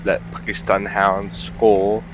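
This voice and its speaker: A man streaming a flight sim, talking into a headset with dry, wry asides. His voice sits a little low, with a faint hum behind it. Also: monotone, slow. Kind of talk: casual gaming chat.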